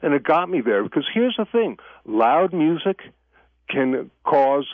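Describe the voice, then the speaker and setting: A man's voice: fairly high pitch, big pitch swings, a little slow, no room sound. Chatty man on a tinny phone line. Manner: chatty storyteller, laughs easily. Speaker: guest on a radio talk show. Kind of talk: casual radio interview.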